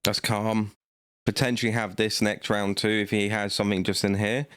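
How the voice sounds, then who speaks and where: Cocky man, low voice. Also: moderate pace, fairly bright tone, no echo. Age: late 20s. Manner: cocky, trash-talking the opponent. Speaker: card game streamer. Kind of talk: gameplay commentary.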